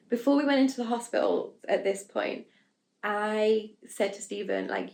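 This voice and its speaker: Her voice is gravelly and medium in pitch, moving at a moderate pace, as a young woman from England tells a story about herself in a candid vlog. She's casual and frank, using lots of fillers and asides and voicing her own panicked lines.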